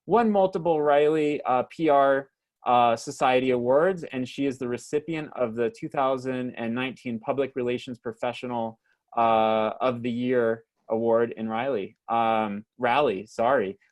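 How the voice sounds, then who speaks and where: A man hosts a webinar over a video call. He reads out guest introductions in a mid-pitched voice, pausing on fillers and tripping over names. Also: steady tone. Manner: hesitant, many uh and um fillers, stumbles on names. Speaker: host and moderator of a webinar.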